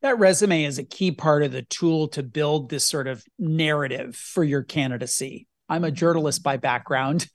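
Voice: mid-range voice, normal speed, few pauses, no echo, studio quality. An interviewer, a journalist by background, asking chatty questions with light jokes and asides.

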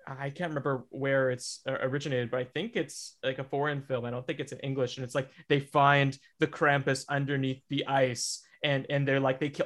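A man's voice: mid-range voice, a bit bright. A man co-hosting a casual podcast chat, talking in a loose, rambling way. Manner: rambling, hesitant, lots of fillers and restarts. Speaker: podcast co-host.

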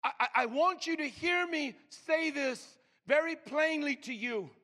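An older man preaching a sermon, stammering and repeating words, swinging from loud emphasis to hushed slow lines. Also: very high-pitched. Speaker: pastor.

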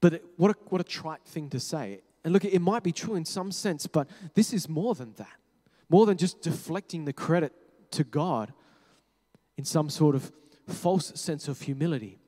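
A man preaching a sermon, talking conversationally, correcting himself and dropping to quiet low tones for emphasis. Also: lively intonation, moderate pace. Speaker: pastor. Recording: long hall reverb.

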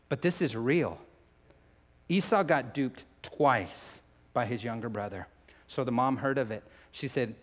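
A man preaching a sermon, animated and acting out scenes from scripture as he reads them. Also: mid-range voice, moderate pace. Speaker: pastor. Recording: long hall reverb.

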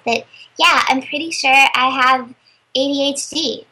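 A young adult woman, a voice actor guest, chatting in an interview as an animated storyteller with lots of fillers. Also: high-pitched, moderate pace, rough recording. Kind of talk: casual interview chat.

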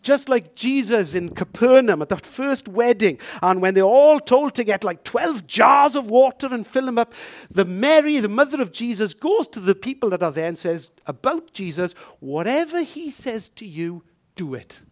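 A man delivering a storytelling sermon with a notably high, light voice. He swings between hushed, quick asides and loud, emphatic declarations. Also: expressive. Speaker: preacher.

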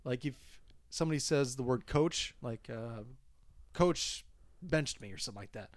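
A man's voice: mid-range voice, expressive, moderate pace, no echo. A man in his thirties from Minnesota with a Minnesota accent, chatting casually as a podcast co-host, talkative and laughing easily. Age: 30s. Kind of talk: casual chat.

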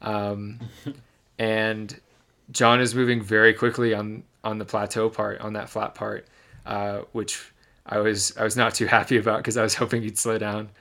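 A man's voice: lowish voice, level tone, unhurried, pushed and bright. A young man from Michigan, a podcast co-host, giving a detailed, reflective recap of a race in casual storytelling.

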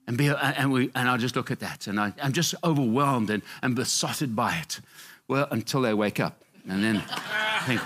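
A middle-aged man preaching a sermon with passionate, repetitive emphasis, rising for key points and dropping low for asides. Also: normal speed, a bit bright. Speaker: pastor.

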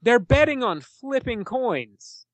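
Podcast co-host, young guy, animated and giggly, salty language, very dry close mic. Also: very high voice, slow pace, dry recording. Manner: laughs often, swears freely, jumps into impressions. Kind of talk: casual film-discussion chat.

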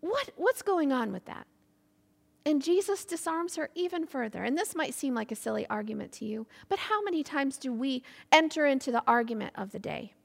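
Woman preacher giving a lively sermon, kinda gravelly and high, big echoey hall. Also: brisk, hardly any pauses. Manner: animated, with laughs and acted quotes. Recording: echoey hall with long reverb.

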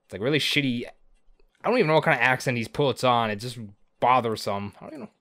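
A man's voice: mid-range voice, expressive, quick pace, fairly bright tone, dry recording. A man co-hosting a podcast, recapping an episode in a profane, sarcastic, rambling way. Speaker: podcast co-host. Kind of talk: casual recap chat.

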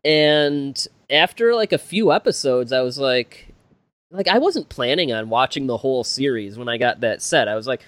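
A man's voice: a little high, expressive, normal speed, a bit bright, no echo. A man in his thirties co-hosting a podcast, talking casually with many fillers and restarts. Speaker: podcast co-host.

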